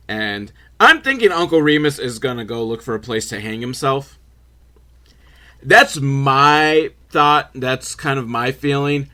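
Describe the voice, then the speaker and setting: A young man recapping a film for laughs in an animated, swearing manner, slipping into voices for the characters. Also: mid-range voice, unhurried. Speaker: host reacting to a film.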